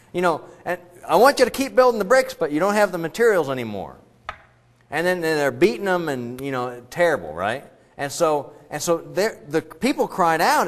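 A man preaching a sermon as a pastor, conversational and joking as he retells the story. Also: on the high side.

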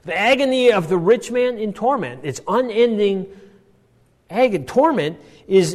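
A man's voice: high-pitched, a little mellow, long reverb tail. A man teaching a Bible passage, explaining step by step and checking in often with "all right" and "right?".

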